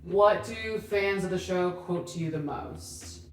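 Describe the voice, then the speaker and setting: A woman's voice: fairly low pitch, slow. A woman asking brief, friendly questions as an off-camera interviewer. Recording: echoey room, off-mic.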